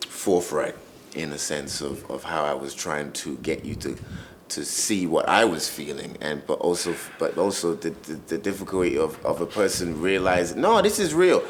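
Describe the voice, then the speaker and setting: A man on a roundtable panel, speaking in a halting, reflective way with many restarts in candid conversation. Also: rumbling low, a little hiss or hum.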